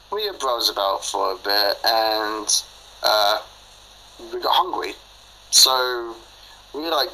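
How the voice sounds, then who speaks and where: Brief: young guy, very bright tense voice, rambly storytime with ums and laughs. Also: on the low side, a little hiss or hum, poor audio. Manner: rambling, filler-heavy, laughs often. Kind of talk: casual storytime chat.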